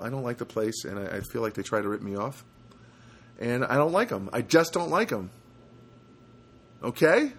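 A man's voice: medium pitch, a little hiss or hum. A man hosting a podcast from a studio apartment, telling a rambling story in a casual way with many restarts. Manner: rambling, with many restarts and animated quoted voices. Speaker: podcast host.

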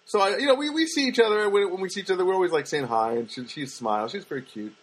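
A man's voice: sits high, lively intonation, fast talker, hardly any pauses, poor audio. A man hosting a podcast, telling rambling stories in a casual monologue and acting out the people in them. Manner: rambling storyteller, acts out quoted people. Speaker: podcast host. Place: Los Angeles.

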